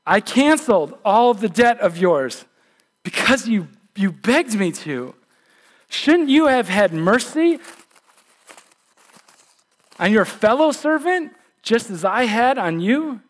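A man voicing a stern master who rebukes an ungrateful servant in slow, accusing words. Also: sits high, very animated, full character voice.

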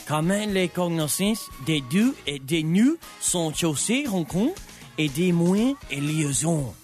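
A man's voice: a little high, big pitch swings, unhurried, darkish tone, faint music behind. A man putting on a hammy French accent to play a sixteenth-century French reformer. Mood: theatrical. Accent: put-on French. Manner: hammy, theatrical put-on French.

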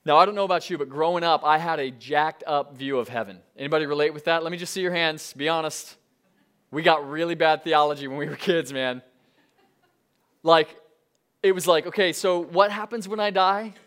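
Pastor, man, 30s, slightly high voice, conversational sermon with lively storytelling asides. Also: fairly quick, smooth.

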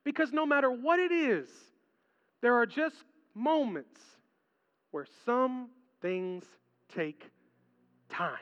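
A male pastor preaching a sermon in a large hall, telling stories animatedly and swinging from hushed tones to excited ones. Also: extremely high pitch, takes it slowly, long pauses, smooth, faint music behind. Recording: reverberant hall, dull lo-fi sound.

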